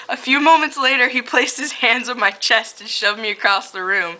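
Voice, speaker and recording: A woman's voice: on the high side, normal speed, hardly any pauses, pushed and bright, poor audio. A woman casually reading her own fan fiction aloud, often breaking into giggles.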